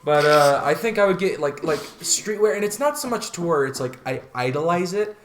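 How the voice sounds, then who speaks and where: A man on a podcast, chatting casually in a relaxed, rambling way with lots of fillers and restarts. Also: on the high side, moderate pace, roomy sound, slight background noise. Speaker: podcast co-host. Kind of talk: casual chat.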